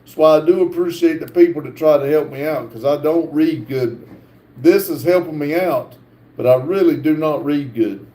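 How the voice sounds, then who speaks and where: A man hosting a livestream, reading viewer comments aloud in a halting, stumbling way with lots of fillers. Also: fairly high pitch, mellow, reverberant. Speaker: livestream host reading chat. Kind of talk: casual live chat, reading comments aloud.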